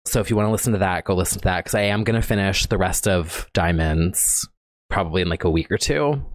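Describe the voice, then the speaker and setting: A man co-hosting a podcast in casual chat, giggly and gushing, with quick asides. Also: deep voice, no room sound, studio quality. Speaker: podcast co-host.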